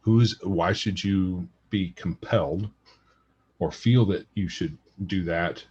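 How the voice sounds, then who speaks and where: A man's voice: low voice, slow pace, darkish tone, slightly rough, lo-fi sound. A man co-hosting a casual gaming podcast, giving blunt, dismissive opinions. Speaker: podcast co-host.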